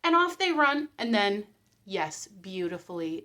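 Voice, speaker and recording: Woman, vlogger, casual commentary, animated delivery, acts out quotes. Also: mid-range voice, unhurried.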